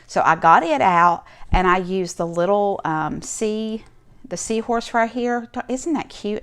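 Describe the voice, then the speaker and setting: Chatty woman gushing over handmade cards. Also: on the low side. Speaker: crafting channel host. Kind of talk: casual show-and-tell vlog.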